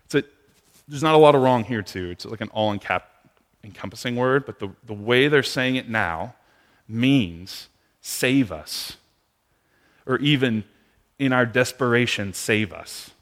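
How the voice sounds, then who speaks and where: A man gives a sermon in a large church hall, and his voice rings with a long reverb. His delivery is conversational and casual. It runs from soft, hushed stretches up to loud, impassioned calls. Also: medium pitch, animated, measured pace, long pauses. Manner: conversational, swings between hushed and near-shouting. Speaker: preacher.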